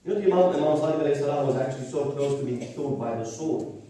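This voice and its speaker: A man preaching a devotional sermon, telling the story quietly and then rising into wailing, half-sung lament. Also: medium pitch, rapid-fire. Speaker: speaker at a mourning gathering. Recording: echoey hall, voice from far off mic.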